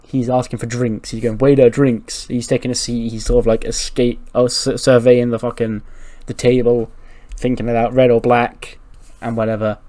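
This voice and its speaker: A man's voice: mid-range voice, mellow. Casually swearing man narrating a game. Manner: swears freely, laughs, rambling. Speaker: gaming channel host. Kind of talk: casual let's-play narration.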